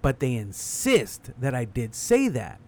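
A man's voice: medium pitch, huge pitch swings, unhurried. A male stand-up comedian in a casual chat, talking loosely and profanely with many restarts.

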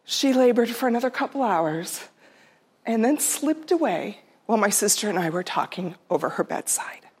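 A middle-aged woman telling a personal story to an audience, heartfelt and unhurried, sometimes dropping to a soft near-whisper. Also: medium pitch, expressive, breathy edge. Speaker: storyteller speaker.

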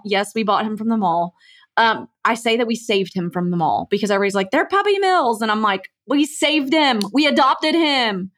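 Chatty woman guest with a higher voice who acts out dialogue in her stories. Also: fairly bright tone. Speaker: podcast guest. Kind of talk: casual storytelling.

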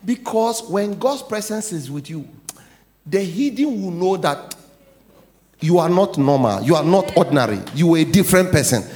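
A middle-aged man, a pastor with a Ghanaian English accent, preaching a sermon, swinging from quiet asides to loud declarations. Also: high voice, expressive, moderate pace.

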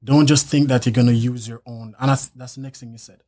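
A man casually sharing a faith testimony about his marriage, acting out quotes as an animated storyteller. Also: mid-range voice, fast. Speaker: husband telling their story.

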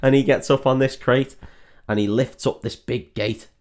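A man's voice: medium pitch, fairly even intonation, normal speed, darkish tone. A man co-hosting a comedy podcast, recapping a film in a rambling way, laughing and swearing often. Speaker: podcast co-host.

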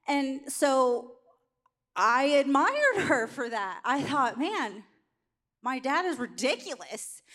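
A middle-aged woman preaching a sermon, telling a candid personal story in an animated way. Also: high voice.

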